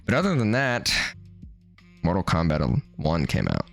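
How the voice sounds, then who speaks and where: A young man with a very low voice co-hosts a casual podcast, joking around and swearing freely. He's from New Mexico and talks loosely, with faint music playing behind him. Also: wildly swooping pitch, measured pace, gravelly. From New Mexico, USA. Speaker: podcast co-host. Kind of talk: casual chat.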